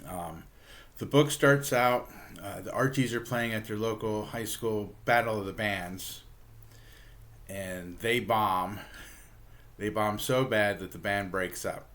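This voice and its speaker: Laid-back low-voiced man reviewing a comic. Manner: relaxed, halting, many ums and uhs, chuckles often. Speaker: book reviewer, channel host. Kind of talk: casual comic book review.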